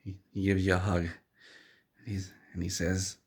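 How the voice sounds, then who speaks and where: A male storyteller narrates an absurd tale in the second person, rambling in a deadpan way at normal speed. His voice is very low, gravelly with fry and a husky edge.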